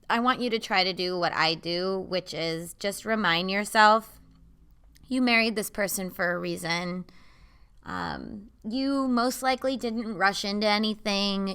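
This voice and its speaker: A woman's voice: medium pitch, pushed and bright, clean tone. A young woman, a mother, talking earnestly and candidly to camera in a personal vlog. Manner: earnest and confiding. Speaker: mother and vlogger.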